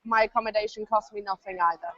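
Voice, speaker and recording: A woman's voice: mid-range voice, steady tone, fast, a loud crowd. A British woman co-hosting a podcast, telling stories in a chatty, laughing way. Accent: British English. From Britain. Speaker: podcast co-host. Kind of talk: casual chat. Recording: dull, dry lo-fi line.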